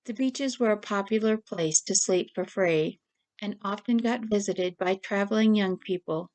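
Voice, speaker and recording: A woman author reading her short story aloud at a steady, even pace. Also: mid-range voice, normal speed. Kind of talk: story narration.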